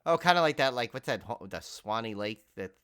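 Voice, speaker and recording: A man co-hosting a horror podcast, rambling through a casual film review with halting restarts. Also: mid-range voice, lively intonation, a bit bright, clear, resonant tone, dry recording. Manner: rambling, halting, heavy use of "like". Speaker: podcast co-host.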